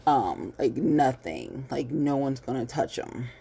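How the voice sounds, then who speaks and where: A woman giving a blunt, animated casual commentary monologue on local politics, swearing freely. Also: rumbling low, takes it slowly, gravelly, slightly rough.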